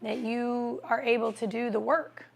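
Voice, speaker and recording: A woman's voice: fairly high pitch, level tone, measured pace, creaky. A woman hosting a casual livestream, chatting as she answers viewer comments and eats. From American Midwest. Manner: chatty, reads comments aloud, talks while eating.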